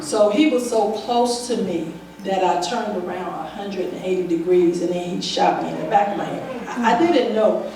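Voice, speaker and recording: Woman, church testimony; lively storyteller who acts out every voice; mic set back, very roomy hall sound. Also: mid-range voice, moderate pace. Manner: vivid storyteller, acts out the dialogue. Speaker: church member giving testimony. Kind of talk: personal testimony at a church service. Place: church sanctuary. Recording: very echoey hall, voice from far off, faint noise.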